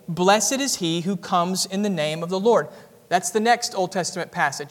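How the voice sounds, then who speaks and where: A man with a Southern US accent, a pastor preaching an earnest expository sermon in a church sanctuary. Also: high-pitched. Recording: reverberant church hall.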